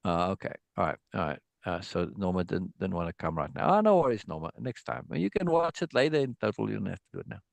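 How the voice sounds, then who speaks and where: A man's voice: sits low, very animated, quick pace, gravelly, few pauses, no room sound. A man giving an informal online songwriting lesson, thinking aloud and checking in with his students with a frequent "right?". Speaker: songwriting teacher.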